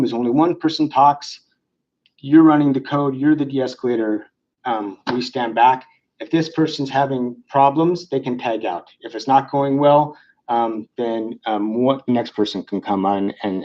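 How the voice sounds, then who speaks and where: A man's voice: medium pitch, a little mellow. A man lecturing on psychiatry in a conversational way, with frequent fillers and restarts. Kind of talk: clinical lecture. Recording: dull lo-fi lecture recording.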